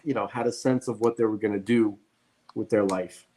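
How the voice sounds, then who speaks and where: A man's voice: on the low side, steady tone, normal speed, warm tone. Blunt ranting man. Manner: blunt, ranting, emphatic repetitions. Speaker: podcast co-host. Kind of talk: casual opinionated chat.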